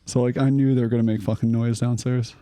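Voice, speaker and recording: Young male co-host, easygoing banter with frequent laughs and casual swearing, dark and dry. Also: medium pitch, flat delivery, fast, no room sound. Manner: laid-back, laughs often, swears casually. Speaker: podcast co-host. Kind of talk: casual chat. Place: bedroom at his parents' house.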